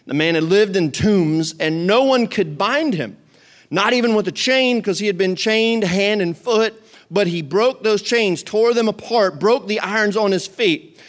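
A man delivering a sermon in a noticeably high voice. He reads scripture aloud, then breaks into casual, animated explanation with jokes and asides to his listeners. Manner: jokes and talks to the congregation. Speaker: pastor.

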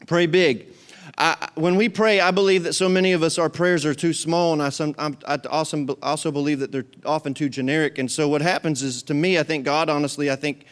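Emphatic pastor with a higher male voice. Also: fairly even intonation, fairly quick, hardly any pauses, clean tone. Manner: emphatic, repetitive, conversational. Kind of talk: sermon.

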